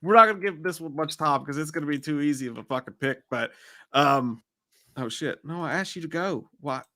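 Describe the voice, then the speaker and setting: A man's voice: a little high, brisk. A man co-hosting a live movie stream, swearing freely and laughing often. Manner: profane, laughs often, animated. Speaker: podcast co-host.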